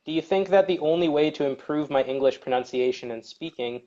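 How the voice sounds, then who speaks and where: A man's voice: fairly high pitch, a little fast, warm tone, dull audio. A man co-hosting a live English Q&A, reading out viewer questions and answering them. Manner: reads viewer questions aloud, then answers at length. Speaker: English teacher, co-host. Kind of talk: live-streamed Q&A chat.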